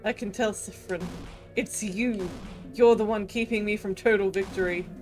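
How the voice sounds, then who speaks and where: A woman voicing a cruel male tyrant king in a video game, speaking slowly and tauntingly. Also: mid-range voice, fairly even intonation, a little mellow, faint music behind, close to an everyday voice. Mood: gloating. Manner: slow, taunting, threatening. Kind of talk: reading a video game aloud with voices.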